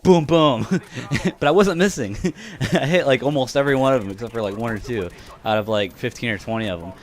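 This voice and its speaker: A man's voice: mid-range voice, a little fast. A man in his twenties telling funny personal stories to his viewers in a casual, chatty way, often laughing and saying "you know". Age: 20s. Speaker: vlogger. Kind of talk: casual storytelling to camera.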